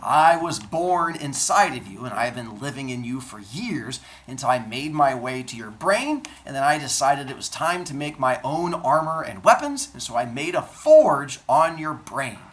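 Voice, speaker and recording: Athena, a teacher's proud booming war goddess. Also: male voice, sing-song, moderate pace, hardly any pauses, fairly bright tone. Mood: proclaiming. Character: Athena, bold young warrior goddess.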